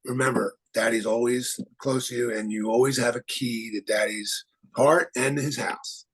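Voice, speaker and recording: Husky man talking haltingly. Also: mid-range voice, fairly even intonation, low-quality recording. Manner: halting, many restarts and fillers. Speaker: attorney and guest. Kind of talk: casual interview talk.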